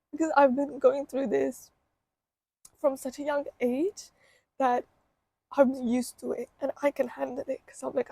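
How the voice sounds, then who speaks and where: A woman's voice: high voice, flat delivery, measured pace, creaky, pauses often, dark tone, dry recording. A young woman vlogger telling a painful personal story in a candid, emotional way, often repeating herself.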